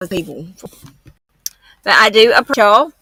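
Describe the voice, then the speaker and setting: A woman's voice: mid-range voice, big pitch swings, moderate pace, pushed and bright, breathy edge, dry recording. A woman hosting a true-crime livestream from home, rambling in a frank, homespun way. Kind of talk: casual livestream chat.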